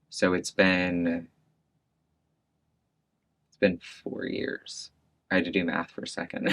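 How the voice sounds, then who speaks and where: Low-voiced man telling a story. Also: a bit bright. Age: 30s. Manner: storytelling, laughing often, many fillers and restarts. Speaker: interviewee. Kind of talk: oral history interview.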